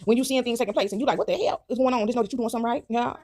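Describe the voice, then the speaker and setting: A woman's voice: fairly high pitch, fairly even intonation, racing, a little mellow. A woman vlogging in a casual monologue to her viewers, emphatic and repetitive, who keeps checking in with "right?".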